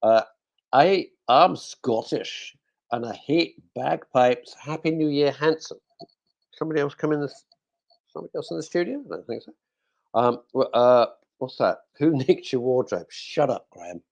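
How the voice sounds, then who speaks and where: A male radio host with a gravelly mid-range voice chats casually in a studio at a moderate pace. Jokey and rambling, he talks to himself and reads out listener messages.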